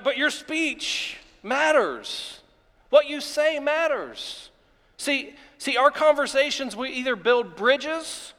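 A man from Ohio preaching a sermon as pastor, telling lively personal stories and speaking directly to his congregation. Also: very high-pitched, clean tone. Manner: animated storytelling preacher, acts out yelling at his dog. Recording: long reverb of a large hall.

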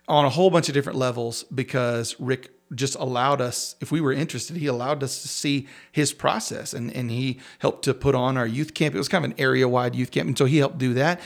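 A man, a pastor, telling a personal story in a casual interview, talking in halting bursts with many restarts and self-deprecating chuckles. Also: medium pitch, creaky.

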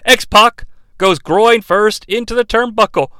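A man's voice: high-pitched, takes it slowly, pushed and bright, clear, resonant tone, dry recording. A man hosting a comedic wrestling recap podcast, sarcastic and profane. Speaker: podcast host.

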